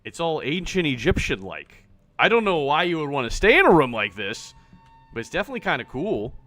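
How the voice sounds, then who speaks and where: A man streaming a game, reacting loudly with swearing and sarcastic comments. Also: fairly high pitch, big pitch swings, brisk, faint music behind. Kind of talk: live gameplay commentary.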